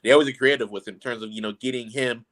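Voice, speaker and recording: A mid-pitched man on a football podcast. He talks in an easygoing, meandering way, padding his points with "you know.". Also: steady tone, rapid-fire, a bit bright. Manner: laid-back, lots of "you know" fillers. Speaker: podcast co-host. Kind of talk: casual sports podcast chat.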